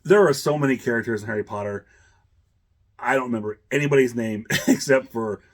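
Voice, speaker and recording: A man's voice: medium pitch, fairly quick. A man hosting a casual chat, rambling with many fillers and chuckles. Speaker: host.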